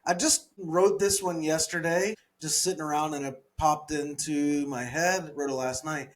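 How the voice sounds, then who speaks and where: A man co-hosting a comedy podcast, workshopping his own jokes in casual chat and reading lines in an animated voice. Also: a little high, measured pace, hardly any pauses. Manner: reads joke lines in a raised, animated voice; laughs easily, thinks aloud.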